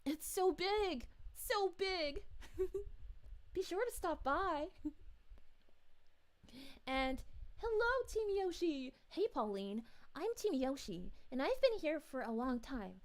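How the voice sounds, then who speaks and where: A woman's voice: sits high, big pitch swings, slow pace, long pauses, full character voice. A woman voicing a cheerful, gushing female city mayor in an in-character livestream, bubbly, giggly and sweetly polite. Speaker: VTuber streamer.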